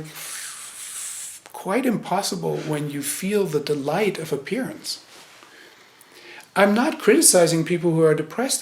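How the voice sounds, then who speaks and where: Casting: male Zen teacher, slightly high voice, halting and reflective delivery, echoey meditation hall. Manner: hesitant, searching, many restarts. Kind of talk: meditation talk.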